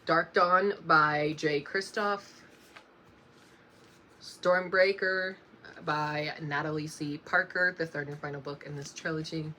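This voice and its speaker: The speaker is a young female book vlogger whose voice is low, bright and clear, with a steady tone. She moves slowly through her list of books, often breaking off to apologize and chuckle softly, and a faint background hum can be heard.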